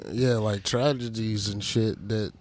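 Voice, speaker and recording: A middle-aged man on a podcast, telling stories in loud, lively bursts and swearing freely. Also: lowish voice, measured pace, a little hiss or hum. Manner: animated storyteller, swears freely, acts out his own lines loudly. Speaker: podcast co-host. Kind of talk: casual chat.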